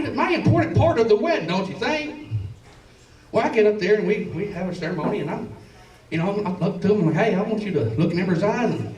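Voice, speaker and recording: A Southern man tells stand-up stories in a club, his voice pitched high and swinging all over. He stammers, swears and chuckles through his lines. The sound is roomy and a bit distant from the mic. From Alabama and Tennessee. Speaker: stand-up comedian. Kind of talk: stand-up set. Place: comedy club stage.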